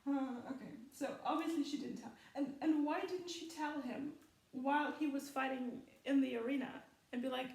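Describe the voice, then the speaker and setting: A woman's voice: high-pitched, steady tone, moderate pace, vocal fry, darkish tone, distant mic. A woman in casual spoken commentary who rambles with lots of fillers and laughs often. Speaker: film commentary vlogger. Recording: echoey room, voice off-mic.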